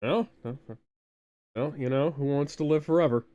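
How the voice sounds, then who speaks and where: A man's voice: on the high side, normal speed, dark tone, highs cut off. A man co-hosting a casual watch-along, riffing with crude jokes and asides. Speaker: co-host.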